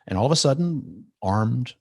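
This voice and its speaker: A man guest on a podcast, telling a long story in a rambling, animated way with many restarts. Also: mid-range voice, normal speed, creaky, no room sound, clean studio sound. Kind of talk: casual storytelling.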